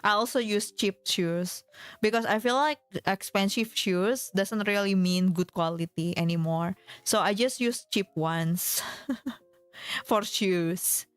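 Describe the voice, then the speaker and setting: A woman's voice: mid-range voice, slow, no room sound, soft background music. A woman streamer in casual chat, giggling often and filling her talk with fillers.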